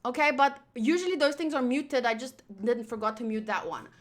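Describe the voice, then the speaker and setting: A woman's voice: a little high, fairly quick. A young woman streamer talking casually and venting to her viewers, frustrated and swearing as she rambles. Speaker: streamer and host.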